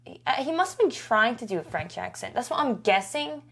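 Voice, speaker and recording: A woman's voice: fairly high pitch, big pitch swings, a little fast, creaky, a bit bright, breathy edge. Chatty woman podcast co-host. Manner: chatty, lots of fillers and restarts. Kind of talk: casual chat.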